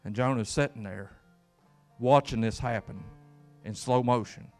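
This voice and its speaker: A man's voice: mid-range voice, measured pace, darkish tone, faint music behind. A man preaching a sermon as pastor, folksy and emphatic, with repeated words and call-outs to the congregation. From Kentucky.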